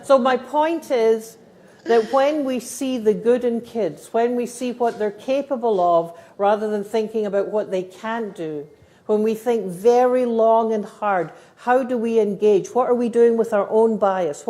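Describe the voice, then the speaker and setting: A woman's voice: fairly high pitch, unhurried, warm tone. A middle-aged woman with a Scottish accent, a guest speaker telling stories and answering questions at a live event for teachers. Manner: storytelling, laughing, earnest. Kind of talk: live talk and Q&A.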